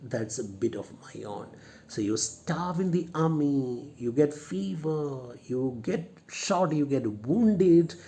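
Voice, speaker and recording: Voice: mid-range voice, animated, slow, warm tone. A teacher, explaining a play line by line and defining words. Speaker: English teacher.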